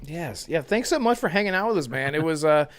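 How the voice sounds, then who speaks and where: A man's voice: a little high, lively intonation, fairly quick, slight background noise. A man hosting a gaming podcast in casual chat, talking loosely and laughing often. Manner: chatty, laughs often, reads chat aloud. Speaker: podcast host.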